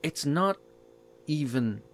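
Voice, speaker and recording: A man chatting casually, telling stories in an animated, laughing way. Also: fairly high pitch, takes it slowly. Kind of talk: casual chat.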